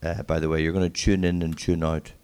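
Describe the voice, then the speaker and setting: A young man with a strong accent doing a stand-up comedy set, mumbling and wry in a deadpan way. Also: very deep voice, brisk. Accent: strong regional accent. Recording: noisy live venue recording.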